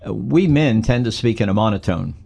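A man's voice: on the low side, animated, a little fast, vocal fry, dark tone, breathy edge. A man who coaches speaking, explaining his points in an emphatic, instructive way during an interview. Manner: explanatory, emphatic, gives tips. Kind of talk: conversational interview answers.

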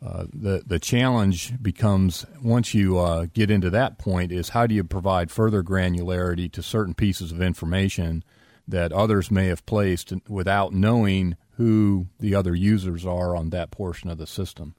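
A man with a very low voice answers on a panel. He pauses often with fillers as he explains. The recording is dry and close. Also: steady tone, a little mellow, no echo. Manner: hesitant, many fillers. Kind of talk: panel discussion.

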